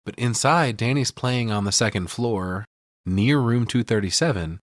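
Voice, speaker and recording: A man's voice: mid-range voice, moderate pace, no room sound, clean studio sound. A male podcast co-host giving a profane, casual film breakdown. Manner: profane, storytelling recap.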